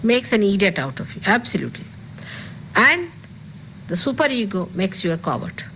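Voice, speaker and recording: A woman's voice: medium pitch, very animated, moderate pace, bright, forceful tone, a little hiss or hum, poor audio. An older woman speaking as a spiritual teacher, giving an emphatic talk to an audience and repeating key phrases.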